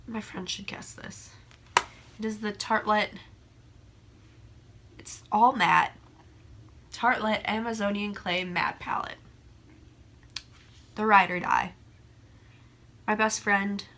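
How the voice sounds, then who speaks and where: A young woman with a hoarse voice from a cold, chatting casually and rambling as a beauty vlogger by a window. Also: mid-range voice, pushed and bright. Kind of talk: casual chat. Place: room by a window.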